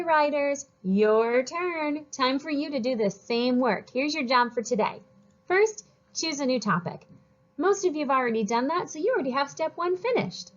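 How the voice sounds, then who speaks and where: A woman teacher giving a recorded writing lesson to young children, speaking slowly and sounding out syllables and letters. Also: high voice, highs cut off. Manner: slow, sing-song, sounds out syllables and letters.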